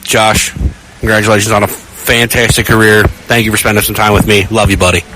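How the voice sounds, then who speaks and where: A male sports interviewer with a lowish voice and a forceful, bright edge. He asks questions in a familiar way, rephrasing with small stumbles. Faint outdoor noise hums behind him. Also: little pitch movement, fairly quick, poor audio. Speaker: sideline interviewer.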